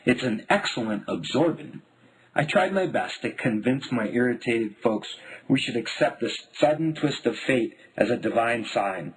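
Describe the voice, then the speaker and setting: A man from Denver narrating his own memoir in a wry, deadpan voice. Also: mid-range voice, normal speed, breathy edge, rough recording. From Denver, United States. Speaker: memoir author.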